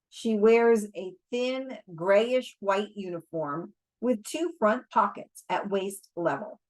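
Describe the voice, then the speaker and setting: Slow, deliberate woman reading aloud. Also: mid-range voice. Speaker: audiobook reader.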